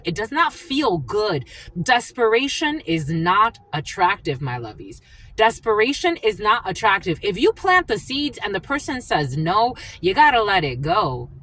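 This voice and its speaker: Woman, tarot reader, chatty and rambling, lively pitch; uses many fillers, acts out voices in her stories. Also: rough recording. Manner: acts out the people in her anecdotes. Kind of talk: casual collective tarot reading.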